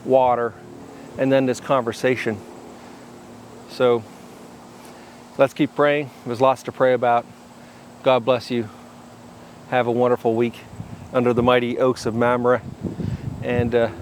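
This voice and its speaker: An older man, a pastor, giving an informal devotional talk outdoors, with his voice at an ordinary middle pitch. He reads scripture aloud, then stops to comment on it in a plain, conversational way. Soft noise from outside sits faintly behind him.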